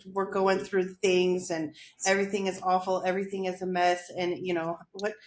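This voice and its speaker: A woman's voice: lowish voice, level tone, normal speed. A woman who works in a school, chatting casually on a podcast in a reflective way and often humming agreement. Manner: warm, reflective, frequent affirming hums. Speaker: school counselor. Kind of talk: casual chat. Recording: echoey room with faint noise.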